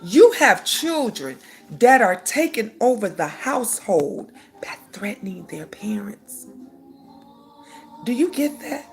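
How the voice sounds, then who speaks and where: A woman, hosting a casual livestream chat, emphatic and preachy, talking straight to her viewers. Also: a little high. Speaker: livestream host.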